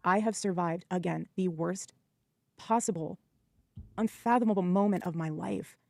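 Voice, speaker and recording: A woman's voice: on the low side, moderate pace, vocal fry, darkish tone, no room sound, studio quality. A woman speaking earnestly and defiantly in a faith-based question-and-answer session. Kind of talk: earnest personal testimony.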